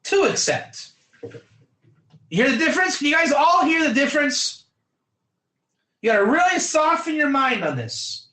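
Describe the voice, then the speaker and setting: A high-pitched man teaches an online class as a rabbi, his voice bright and ringing in an echoey room. He is animated, acts out little scenes and calls on students by name. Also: normal speed. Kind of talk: lively online Torah class.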